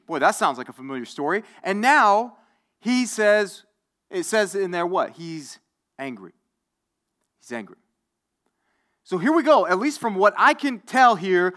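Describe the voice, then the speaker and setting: A man's voice: high-pitched, fairly bright tone. Man preaching a casual, chatty sermon. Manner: conversational, repetitive, asks the audience. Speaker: pastor.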